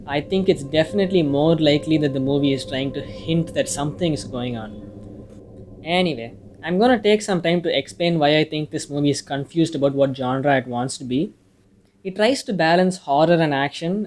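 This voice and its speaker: A man's voice: a little high, a little mellow, slight background noise. A man reading a casual, opinionated film review, now and then swearing mildly. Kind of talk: scripted review narration. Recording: music playing faintly behind.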